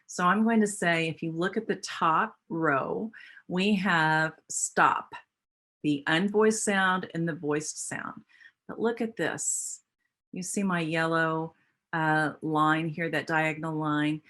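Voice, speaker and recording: A woman's voice: low-pitched, fairly even intonation, takes it slowly, a bit bright. An American woman explaining speech sounds in a teacher training presentation, with a patient, explanatory manner and frequent restarts. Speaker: literacy educator.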